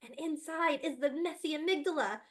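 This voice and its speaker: Lady doing her excited little kid, high and eager. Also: a little fast, close to an everyday voice. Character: excited young boy, her son, eager.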